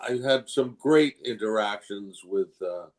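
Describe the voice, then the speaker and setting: A man's voice: lowish voice, unhurried. An older man from England, a guest voice actor telling stories in a casual interview and slipping into character voices. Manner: animated storyteller who slips into voices.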